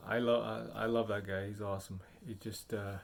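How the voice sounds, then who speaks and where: Male sports vlogger, low voice, rambling casual commentary. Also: flat delivery, a little fast, gravelly. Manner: rambling, hesitant with many fillers. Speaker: sports video creator.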